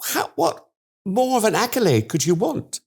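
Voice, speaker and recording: A man's voice: high voice, very animated, moderate pace, creaky, a little mellow, husky. An older man, a guest in an interview, telling stories in a theatrical, gushing way and laughing often. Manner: theatrical, gushing storyteller who laughs a lot. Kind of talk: anecdotal interview chat.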